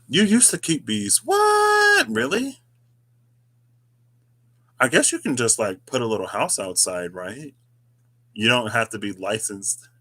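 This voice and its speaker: Rambling, musing man with a lowish voice. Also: expressive, a little slow, pauses often, fairly bright tone. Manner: rambling, musing, chatty asides. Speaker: tarot reader, channel host. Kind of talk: casual reflective monologue.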